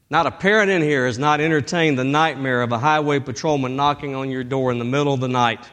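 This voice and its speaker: A man, his voice sitting a bit high, preaches a sermon with vivid drama. He swings from loud, rising bursts down to near-whispered lines. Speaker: pastor.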